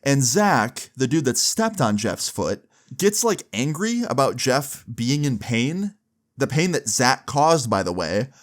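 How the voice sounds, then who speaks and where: A young man at a mid pitch tells a casual story, swearing freely and leaning on filler words. He sounds loose and conversational, like a storyteller talking to his followers. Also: very animated, slow pace. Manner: crude, casual, many "like" fillers.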